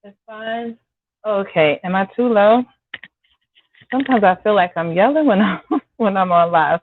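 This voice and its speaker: A woman chatting with her viewers by name while she cooks in her home kitchen on a live stream, apologizing now and then as she clears a scratchy throat. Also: mid-range voice, normal speed, long pauses. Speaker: home cook hosting a live cooking stream. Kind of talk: casual live-stream chat while cooking. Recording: dry, tinny phone-like sound.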